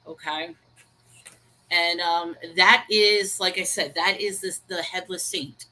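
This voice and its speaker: A woman's voice: fairly low pitch, fairly even intonation, takes it slowly, pushed and bright, poor audio. A woman co-hosting a casual livestream discussion, chatty and laughing at her own pronunciation. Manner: chatty, self-deprecating about pronunciation; reads viewer chat aloud and greets viewers.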